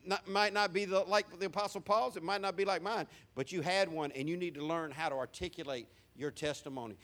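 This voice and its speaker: A man's voice: a little high, a bit bright. A man in his fifties with a Southern American accent, preaching a sermon in a folksy, humorous storytelling manner.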